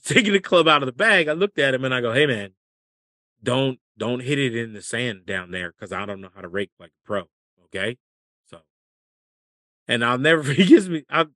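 A man and former caddie and comedian, telling lively stories as a podcast guest and laughing as he goes. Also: medium pitch, moderate pace, dry recording, clean studio sound. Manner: lively storyteller, laughs through his anecdotes. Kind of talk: casual storytelling interview.

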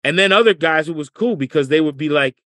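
Lively higher-voiced man telling stories. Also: fast, no room sound. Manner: lively storyteller, laughs through his anecdotes. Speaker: podcast guest, former caddie and comedian. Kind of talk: casual storytelling interview.

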